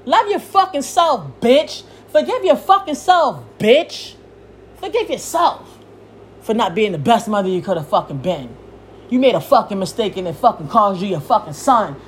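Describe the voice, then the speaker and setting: Young woman, heated cursing rant, high voice, swings wildly up and down. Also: very animated, moderate pace, slight background noise. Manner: heated, cursing freely, yelling at times. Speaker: podcast host. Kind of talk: profane rant.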